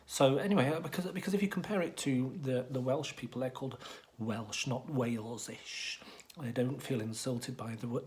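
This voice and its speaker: A man giving a deadpan comic monologue as a mock professor, hesitant and rambling with many ums and restarts. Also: mid-range voice, moderate pace. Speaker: comic presenter playing a professor.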